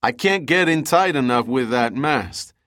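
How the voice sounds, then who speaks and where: A man's voice: medium pitch, expressive, unhurried, fairly bright tone, no room sound, studio quality. Man reading a wisecracking helicopter pilot. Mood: wry.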